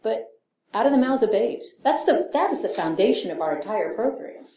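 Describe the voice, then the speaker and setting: A woman's voice: a little high, sing-song, normal speed, dark tone, echoey room, slight background noise. A middle-aged woman speaking candidly at a recovery meeting, swearing freely, laughing often and acting out the voices of people she quotes. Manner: profane, self-mocking, laughs often, acts out quotes. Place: meeting hall.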